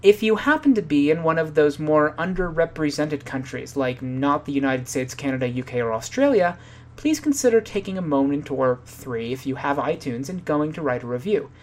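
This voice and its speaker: A woman hosting a podcast, giving casual announcements and signing off in a chatty, slightly rambling way. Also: low-pitched. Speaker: podcast host. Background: music.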